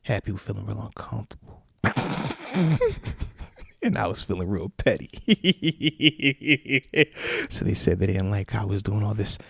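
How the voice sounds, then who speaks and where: Speaking close to a mic that picks up his breathing, this thirtysomething host of a live-streamed football chat is animated and slangy, saying "man" nearly every sentence and throwing in playful asides. His lowish voice runs a little slow, with vocal fry, a breathy edge and long pauses, and there's no echo.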